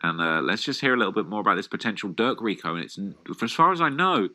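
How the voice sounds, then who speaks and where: A man hosting a live hip-hop news reaction stream, reading posts aloud and commenting in an animated, slangy way. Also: fairly low pitch, fast.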